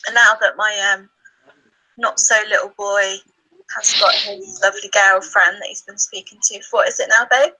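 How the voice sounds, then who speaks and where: A woman's voice: medium pitch, steady tone, moderate pace, bright, forceful tone, rough recording. A woman in her thirties speaking as a guest on a casual podcast, chatty and giggly.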